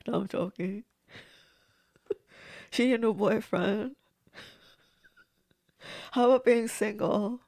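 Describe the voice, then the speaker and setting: Woman, movie reviewer, chatty watch-along reactions, exclaims at the screen, vocal fry, dry sound. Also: medium pitch, slow, long pauses, warm tone, no echo.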